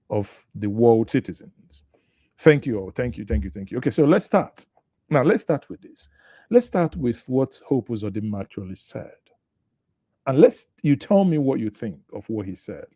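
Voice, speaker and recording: A Nigerian man from the Southeast, speaking at medium pitch in a dark tone, hosts a live online news show from a studio. He is chatty, greeting viewers, thinking aloud and commenting on the headlines, and the recording is dry.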